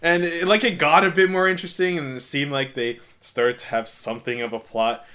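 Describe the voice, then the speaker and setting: A young man co-hosting a relaxed podcast chat, rambling casually and mimicking scenes. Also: fairly high pitch, a little fast. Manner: relaxed, says like a lot, mimics lines. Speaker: podcast co-host.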